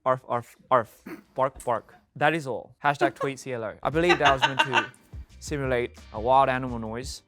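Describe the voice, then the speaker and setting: A man's voice: medium pitch, a bit bright. A man reading fan tweets aloud and reacting to them, amused and playful and laughing often.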